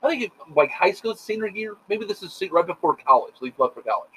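A middle-aged man telling rambling, profane stories in a casual chat, animated and full of quoted voices. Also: high-pitched, fast talker, a little hiss or hum. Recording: dull lo-fi sound.

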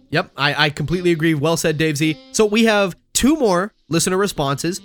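A man with a fairly high voice co-hosts a relaxed podcast chat, reading listener messages aloud. He laughs easily and often restarts his sentences. Faint music plays underneath. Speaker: podcast co-host.

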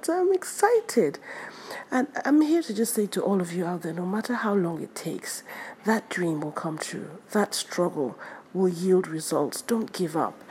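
A young woman from Africa hosting her podcast, tired but excited, tripping over her words in a casual motivational talk. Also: fairly low pitch, slight background noise. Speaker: podcast host.

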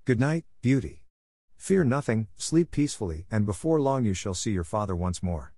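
A man voicing a sorrowful, gentle male beast in a storybook reading. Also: fairly low pitch, lively intonation, normal speed, no room sound, clean studio sound. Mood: pleading. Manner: doleful, pleading.

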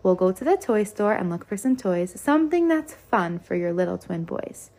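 A woman's voice: mid-range voice, expressive, moderate pace, darkish tone. Label, a woman voicing a grumbling older boy. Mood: helpful. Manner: reluctant, whiny.

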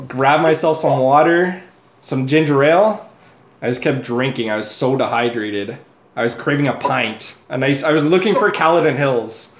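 A man's voice: medium pitch, moderate pace. A young man, a podcast co-host, tells a story in casual chat, swearing freely and laughing at himself. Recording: echoey room.

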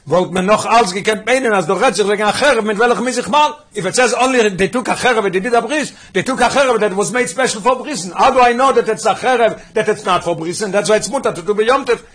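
Man, Torah teacher: high, husky voice, rapid-fire explanation with lots of Hebrew and Yiddish terms. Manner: rapid, mixing English with Hebrew and Yiddish terms, animated questioning. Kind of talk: Talmudic lesson explaining Midrash.

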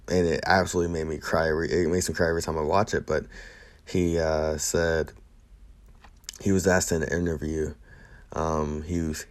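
A man's voice: rumbling low, darkish tone. A young man in a casual monologue, rambling with many fillers and restarts, earnest and emotional.

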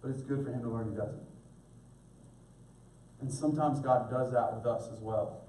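A man's voice: medium pitch, normal speed, mellow, slight background noise. Earnest male pastor in an echoey hall. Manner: earnest, preaching directly to the congregation. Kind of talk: sermon. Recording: echoey room, mic at a distance.

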